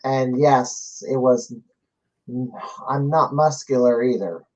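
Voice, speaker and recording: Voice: medium pitch, steady tone, takes it slowly. A podcast host chatting casually about a home arcade, self-mocking and chatty. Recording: slightly dull, lo-fi audio.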